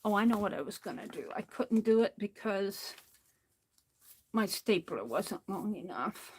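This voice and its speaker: A woman's voice: medium pitch, lively intonation, measured pace, a little mellow, breathy edge. A woman chatting casually while she crafts at home, rambling and talking to herself as she works. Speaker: art livestreamer.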